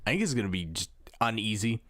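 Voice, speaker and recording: A man's voice: fairly low pitch, very animated, fast talker, fairly bright tone. A man co-hosting a podcast in casual, laid-back chat with dry jokes. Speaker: podcast co-host.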